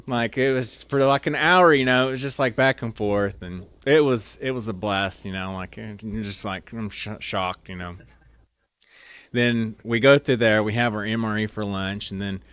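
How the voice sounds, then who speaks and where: A man's voice: medium pitch, fairly even intonation, moderate pace, a bit bright, clear, resonant tone, no echo. A young man from Oklahoma, an officer candidate, casually telling a rambling story full of "like" and restarts. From Oklahoma, USA. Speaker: interview guest, officer candidate.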